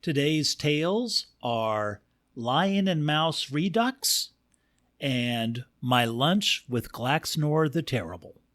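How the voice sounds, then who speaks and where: Slow, animated male storyteller. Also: on the high side. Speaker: podcast host and narrator. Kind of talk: scripted comic narration.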